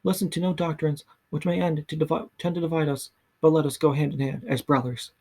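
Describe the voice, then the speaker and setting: A man reading a history book aloud in a soft ASMR style, slow and halting, often stumbling and restarting words. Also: a little high, little pitch movement, breathy edge. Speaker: ASMR reader.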